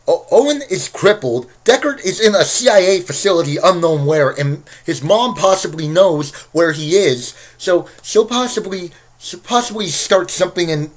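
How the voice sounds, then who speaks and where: A man giving a casual spoken movie review, rambling and excitable with many restarts. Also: fairly high pitch. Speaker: film reviewer.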